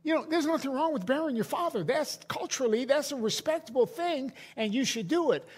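A man's voice: extremely high pitch, animated, fairly quick. A middle-aged male pastor preaching a sermon to a congregation in a conversational way, often restarting his sentences. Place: church hall.

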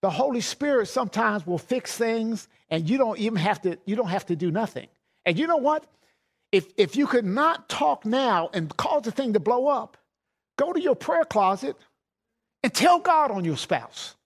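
A man's voice: high-pitched, very animated, moderate pace. A middle-aged man preaching a sermon in a folksy way, laughing often and repeating words as he goes.

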